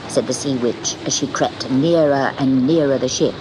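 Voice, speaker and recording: Lively woman narrating a storybook. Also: rumbling low, normal speed, few pauses, rough recording. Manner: lively, expressive reading. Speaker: audiobook narrator. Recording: audiobook with steady hiss.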